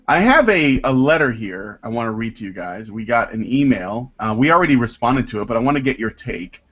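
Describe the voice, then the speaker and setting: A man's voice: medium pitch, expressive, fairly bright tone. Rambling male podcast host, lo-fi. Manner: rambling, halting, with many fillers. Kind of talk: casual panel chat, reading listener mail.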